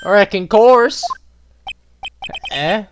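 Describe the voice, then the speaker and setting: A player voicing a brash young female photographer in a put-on Southern drawl, loud and folksy, reading game lines. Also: mid-range voice, lively intonation, very slow, noisy background, pitched above the performer's own voice. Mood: chatty. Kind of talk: voicing game dialogue while playing.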